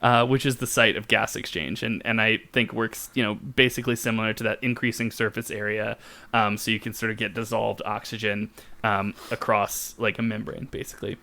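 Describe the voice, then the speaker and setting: A man's voice: lowish voice, steady tone, brisk, gravelly, sharp tone. A man co-hosting a comedy science podcast, explaining facts playfully and giggling at his own jokes. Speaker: podcast co-host.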